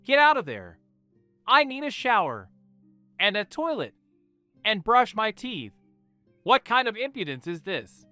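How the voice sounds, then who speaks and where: A man voicing a hot-tempered teenage male ninja who talks loud, demanding and whiny. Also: high-pitched, very animated, moderate pace, no echo, faint music behind, pitched above the performer's own voice, full character voice.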